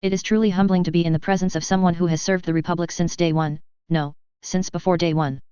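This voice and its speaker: A woman's voice: fairly low pitch, steady tone, fast, mellow, clear, resonant tone, no room sound, highs cut off, natural voice. A woman reading the lines of a blunt, swearing human male ambassador.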